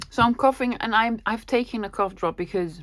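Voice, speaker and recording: A woman's voice: fairly high pitch, normal speed, no room sound. Chatty woman with a cold. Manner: bursts of giddy excitement, chatty. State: coming down with a cold, sore throat. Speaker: vlogger showing a thrift haul. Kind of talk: casual chat.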